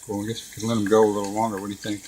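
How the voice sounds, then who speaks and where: Racing through his words in a lowish voice, a middle-aged man tells an animated story while cooking with his son at home beside a deep fryer, laughing often in casual kitchen chat. There's a little hiss or hum on the recording.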